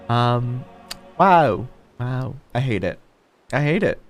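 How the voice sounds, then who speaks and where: A man's voice: medium pitch, lively intonation, a little slow, soft background music. A man streaming a video game live, chatting casually and greeting viewers by name.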